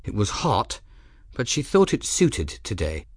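A man narrating a fantasy novel with expressive storytelling delivery. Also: on the low side, unhurried, slightly rough, no room sound, clean studio sound. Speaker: audiobook narrator. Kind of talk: scripted narration.

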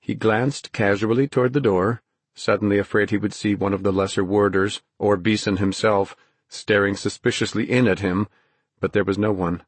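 A man narrating a novel as an audiobook, in a measured, even storytelling way. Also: on the low side, breathy edge, no echo. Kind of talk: scripted narration.

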